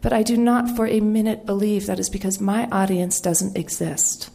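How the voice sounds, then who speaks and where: A middle-aged woman from the United States tells a story from her life as an author. She speaks in a wry, animated way and slips into quoted voices along the way. Her pitch sits in a middle register. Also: moderate pace, gravelly. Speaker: author giving a talk. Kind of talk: storytelling talk.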